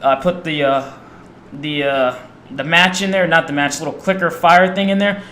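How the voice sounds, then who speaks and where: A man's voice: a little high, normal speed. A young man casually telling a rambling personal story to camera, acting out the people in it. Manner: rambling, animated, acts out quoted voices. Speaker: storyteller vlogger.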